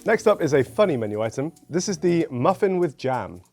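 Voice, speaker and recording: A British man hosting a food review show, talking in a dry, measured, lightly amused way. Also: fairly high pitch, sing-song, creaky, a little mellow, faint music behind. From United Kingdom. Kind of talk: casual food review narration.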